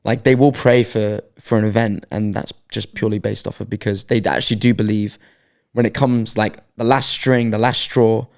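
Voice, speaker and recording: A man with a low, gravelly voice co-hosting a casual podcast chat. He thinks aloud as he goes, circling back and restarting his sentences. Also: fairly even intonation, moderate pace, a little mellow. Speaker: podcast co-host.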